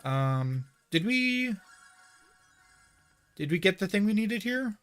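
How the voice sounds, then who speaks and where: A man streaming a video game live, chatting casually in a rambling, excitable way with frequent restarts. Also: sits high, slow pace, clear, resonant tone, faint music behind. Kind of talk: casual livestream chat while gaming.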